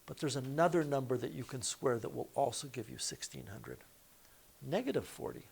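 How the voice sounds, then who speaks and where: A man's voice: medium pitch, expressive, brisk, vocal fry, darkish tone, husky. A male math teacher lecturing a classroom, explaining each step and correcting himself aloud as he goes.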